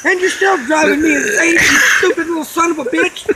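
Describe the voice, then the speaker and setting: A man's voice: extremely high pitch, steady tone, brisk, voice pushed up. A man putting on a cursing angry dad. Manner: yelling, cursing. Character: angry father of the boss, crude. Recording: noisy outdoor recording.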